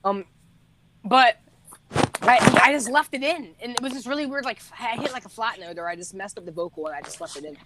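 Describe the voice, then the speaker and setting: A man's voice: very high-pitched, fairly quick, heavy background noise. Rambling teenage guy musician. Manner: rambling, laughing, self-correcting storyteller. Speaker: musician and podcast co-host. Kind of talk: casual podcast chat.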